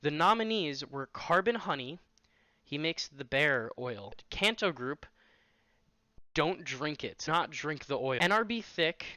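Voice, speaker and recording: A man's voice: fairly high pitch, lively intonation, measured pace, bright, forceful tone, no room sound. A man presenting an award in a rambling, self-mocking way, with mock-dramatic asides. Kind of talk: casual comedic presenting.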